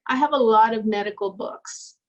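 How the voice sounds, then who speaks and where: A woman's voice: a little high, normal speed, darkish tone, poor audio. A woman art instructor talking casually while she draws, musing aloud with fillers. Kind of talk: casual talk while drawing.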